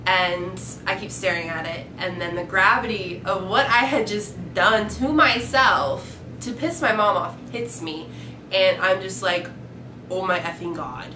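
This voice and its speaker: A young woman with a drawl telling a high school story in casual vlog style, acting out the quoted lines. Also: a little slow, over music. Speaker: vlog co-host. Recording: echoey room with faint noise.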